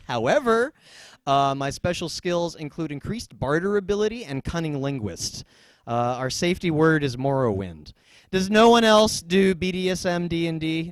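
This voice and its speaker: A young man performing a stand-up comedy set, dropping into deadpan asides and bursting into loud yells. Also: medium pitch, dry recording.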